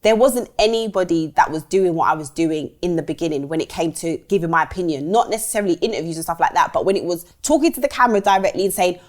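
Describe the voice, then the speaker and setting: A woman's voice: fairly low pitch, animated, fast talker, hardly any pauses. A woman guest speaking bluntly and animatedly in casual chat, swearing freely. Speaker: guest, online show host.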